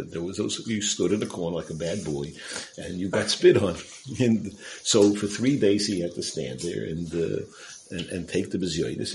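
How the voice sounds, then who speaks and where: Casual male storyteller, deep-pitched, teaching a moral tale, faint noise behind. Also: poor audio. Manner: casual, conversational, with fillers and restarts. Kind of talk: storytelling Torah talk.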